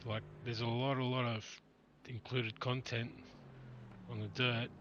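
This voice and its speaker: A man's voice: medium pitch, little pitch movement, a little slow, lo-fi sound, background noise. A man rambling and swearing in casual chat with racing teammates.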